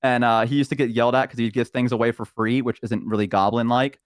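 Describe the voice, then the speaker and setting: A man's voice: medium pitch, steady tone, fast, no echo, clean studio sound. A man on a voice call in casual chat, telling a long roleplay story with many fillers and little acted voices. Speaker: guest on a stream.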